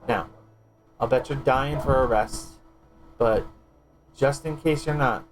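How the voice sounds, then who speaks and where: Guy putting on a gruff old-timey guildmaster, says ye and lass, halting read, quiet music behind. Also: mid-range voice, pitched below the performer's own voice, lightly acted, low-quality recording. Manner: reading quest text aloud, a bit halting.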